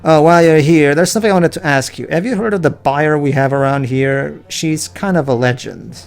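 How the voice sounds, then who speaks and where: A man's voice: a little high, a little fast, vocal fry, faint music behind. A man doing a laid-back hippie townsman. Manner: drawls "man" at the end of lines. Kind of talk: voicing game dialogue.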